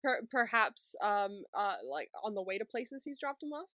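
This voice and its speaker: A woman co-hosts a podcast in a medium-pitched, animated, fairly bright voice, recorded with studio quality and no echo. It's a casual recap chat, and she's playful, firing off quick reactions and jokes.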